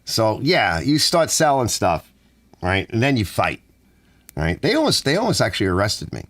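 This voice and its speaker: Middle-aged male vlogger, lively pitch, wandering anecdotes full of restarts. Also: normal speed. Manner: meandering, acts out dialogue, frequent restarts. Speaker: channel host. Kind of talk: rambling personal storytelling.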